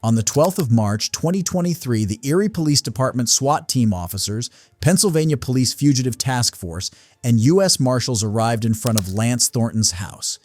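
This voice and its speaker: A male narrator reads a documentary script in a serious, measured way. His voice sits in a middle range. The recording is dry and close. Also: medium pitch, lively intonation, darkish tone, no echo.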